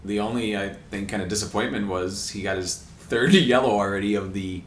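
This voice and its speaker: A man's voice: on the low side, brisk. A man co-hosting a podcast, casually and enthusiastically running through a list of soccer transfers and laughing often. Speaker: podcast co-host. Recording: echoey room with faint noise.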